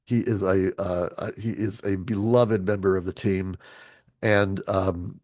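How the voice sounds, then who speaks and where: A man leading a virtual team meeting, talking casually and joking, with halting restarts over a video call. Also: deep voice, steady tone, darkish tone, no room sound, studio quality. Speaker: team leader.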